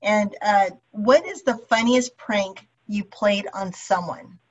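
A woman hosts a podcast in a relaxed, chatty way and laughs easily. Her voice sits in a middle range. The recording is dull and lo-fi. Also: medium pitch, slow pace. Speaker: podcast host. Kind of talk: casual interview chat. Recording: dull lo-fi sound.

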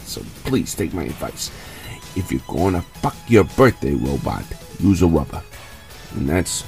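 Gruff, brash Paulie parody PSA, played by a man; gravelly, lively swings. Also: deep voice, exaggerated voice. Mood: grim. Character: crude mock Paulie giving a psa, gruff older man. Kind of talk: comedy sketch.

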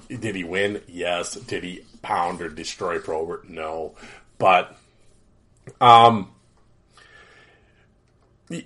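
Nasal, stuffy-nosed man with a lowish voice. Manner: rambling, lots of fillers and restarts. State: stuffy nose, nasal from allergies. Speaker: podcast host. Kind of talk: casual solo podcast talk.

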